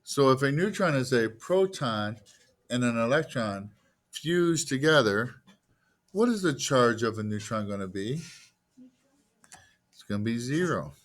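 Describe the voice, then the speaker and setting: A man's voice: medium pitch, lively intonation, unhurried, long pauses. A man teaching a class in a casual lecture style, posing questions to students and answering them himself, with jokey asides.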